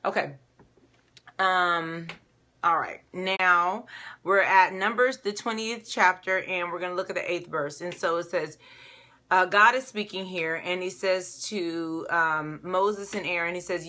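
A woman giving a casual Bible devotional, talking conversationally with many fillers and acting out the story's speakers in lively voices. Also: mid-range voice, measured pace. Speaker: devotional teacher.

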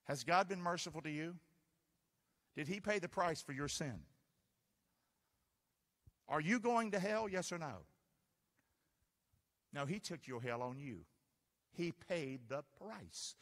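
Animated preacher man in a reverberant church. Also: a little high, slow pace, pauses often. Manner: animated call-and-response preaching, asks the crowd to answer. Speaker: pastor. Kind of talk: sermon. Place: church sanctuary.

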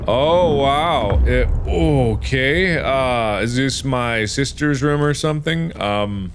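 A young adult man giving let's-play commentary, reacting to a horror game with excitable, exclamatory outbursts. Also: medium pitch, takes it slowly, hardly any pauses, a little hiss or hum. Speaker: gaming video host.

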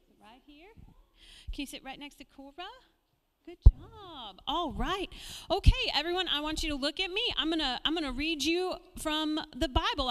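A woman giving a children's sermon in a church sanctuary, talking gently and playfully to small children. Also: sits high, big-room sound, slight background noise. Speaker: children's message leader.

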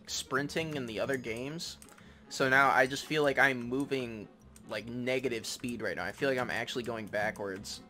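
A young man talks over his gameplay in a bright, forceful voice, cracking crude jokes and swearing freely. Faint game music plays underneath him. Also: medium pitch. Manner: crude, joking trash talk with lots of swearing. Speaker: gaming YouTuber. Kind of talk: casual let's play commentary.

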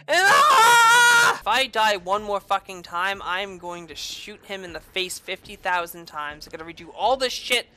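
A woman narrating her own let's-play of a survival horror game. She is excitable and profane, and her bright, piercing voice jumps from low grumbling to loud yelps. A faint hum sits behind her. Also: normal speed, few pauses. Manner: excitable, profane, swings between groans and shrieks. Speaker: game streamer.

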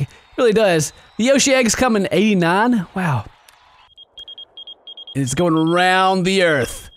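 A man giving excited let's-play commentary, giggling, yelping and shouting as he plays. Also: high-pitched, moderate pace, pauses often, slight background noise. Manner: giggly, exclamatory, yelps and shouts. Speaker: gaming video host.

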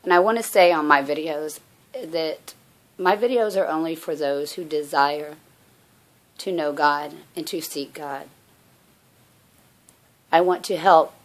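Slow, soft-spoken woman vlogger. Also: low-pitched. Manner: soft-spoken, halting, earnest. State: out of breath. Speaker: religious vlogger. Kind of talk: personal faith message to camera.

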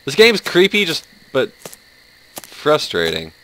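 A man's voice: fairly high pitch, wildly swooping pitch, slow, sharp tone, rough recording. A man giving sarcastic, jumpy commentary on a horror game, yelping and laughing at the scares. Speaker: let's play host.

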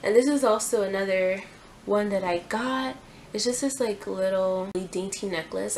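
A woman's voice: mid-range voice, slight background noise, low-quality recording. A young woman hosting a casual clothing haul vlog, chatty and gushing, with lots of fillers. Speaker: fashion YouTuber.

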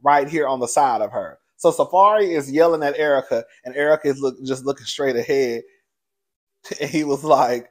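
A man hosting a casual recap vlog, talking in a sassy, animated way with frequent laughs and calling his listeners "girl" and "child". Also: fairly high pitch, moderate pace. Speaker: show reviewer and host. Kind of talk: casual reality TV recap commentary.

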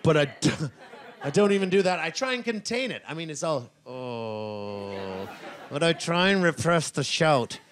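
A middle-aged man doing stand-up comedy on stage, rambling and self-mocking, now and then bursting into shouted voices. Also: fairly high pitch, animated, a little fast. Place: comedy stage before a laughing audience.

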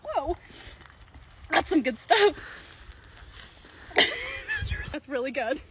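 A woman's voice: sits high, animated, a little slow, background noise. A young woman narrating her own lifestyle vlog with a bubbly, upbeat, self-mocking manner. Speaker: lifestyle creator.

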